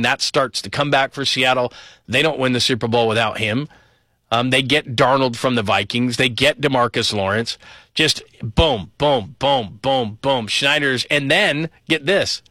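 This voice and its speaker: A man giving an enthusiastic solo sports commentary, rattling off players and stats with animated emphasis. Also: no room sound, clean studio sound. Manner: fast, enthusiastic rundown of names and stats; animated, pitch rises on key points.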